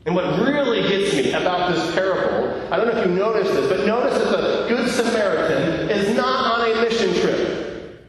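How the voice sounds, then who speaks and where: A man's voice: high-pitched, lively intonation, normal speed. A male pastor preaching a sermon in a church, putting questions to the congregation and joking at his own expense. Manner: questions the congregation directly, self-deprecating humor. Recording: echoey church hall, miked from far off.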